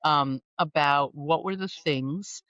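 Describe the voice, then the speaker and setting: A woman executive coach talking on a podcast, animated and playful, fond of wordplay. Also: low-pitched, slow, dry recording, dull audio. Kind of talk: conversational podcast interview.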